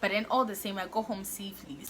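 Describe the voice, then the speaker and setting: A young woman tells a personal story in a casual vlog, animated and exasperated, with lots of fillers. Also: mid-range voice, fast, slight background noise. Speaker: vlogger.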